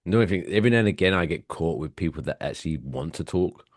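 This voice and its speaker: This young Englishman, with an accent from east of London, co-hosts a podcast in a casual chat, his low voice lively in intonation and fast. He acts out customers in bursts, swearing plenty. The recording is dry and studio quality.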